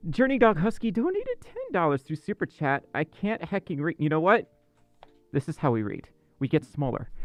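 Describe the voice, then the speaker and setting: Male livestream host, fairly high, very animated voice, flustered and stammery. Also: moderate pace, no room sound, faint music behind. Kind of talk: casual livestream chat. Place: dark room indoors.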